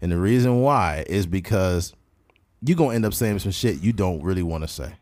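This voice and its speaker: A man co-hosting a casual podcast chat, lively and animated, acting out quotes in high mocking voices. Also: brisk. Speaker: podcast co-host.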